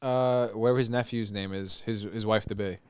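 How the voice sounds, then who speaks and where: A man co-hosting a podcast in casual chat, laid-back and agreeable, quick to laugh. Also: fairly low pitch, fairly even intonation, smooth, no room sound, studio quality. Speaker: podcast co-host.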